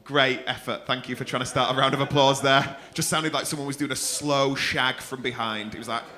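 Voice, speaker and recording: A man's voice: mid-range voice, steady tone, a little fast, bright, forceful tone. A man hosting a comedy club night, swearing freely and teasing audience members. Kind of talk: stand-up crowd work.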